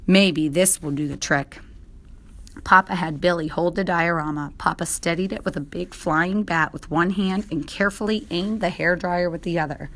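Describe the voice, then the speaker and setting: Low-voiced woman reading a story. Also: steady tone, normal speed, few pauses, a bit bright. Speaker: narrator.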